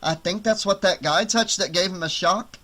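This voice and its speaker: A man reading an audiobook, voicing an excitable teenage boy who talks in easy, gushing slang. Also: high voice, moderate pace, voice pushed up. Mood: excited. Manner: laid-back, gushing slang. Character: excitable slacker teen boy.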